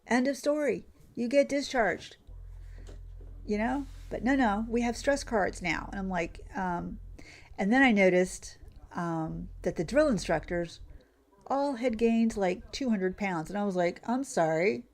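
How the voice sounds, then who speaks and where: Woman streamer, chatty ranter who trails off mid-thought, mid-range voice. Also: a little slow. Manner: ranting, loses her train of thought, mimics others in a higher voice. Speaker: gaming streamer. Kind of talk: casual rant while playing.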